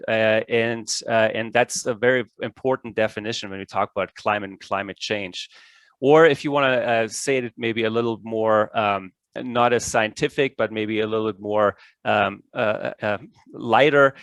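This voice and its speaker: A man's voice: medium pitch, fairly bright tone, no room sound. German-accented man lecturing with many fillers. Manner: hesitant, many fillers and restarts. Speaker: presenter, ecology professor. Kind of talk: online lecture. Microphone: video call.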